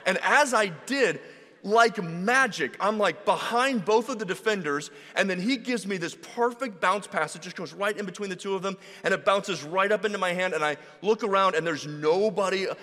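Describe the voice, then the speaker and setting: A pastor with a high-pitched voice preaches a sermon at normal speed in a relaxed, conversational storytelling style, acting out the voices of the people in his stories. The recording echoes as if in a reverberant hall.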